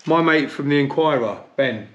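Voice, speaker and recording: Friendly host reading viewer questions. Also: male voice, on the high side, moderate pace, muffled recording, background noise. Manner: friendly, frequent agreeing yeahs.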